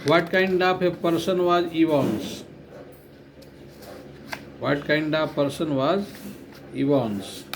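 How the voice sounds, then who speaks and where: A man's voice: fairly high pitch, background noise. A man with an Indian accent, an English teacher retelling a story in a classroom lecture, spelling words letter by letter and explaining their meanings. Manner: repeats phrases slowly for note-taking.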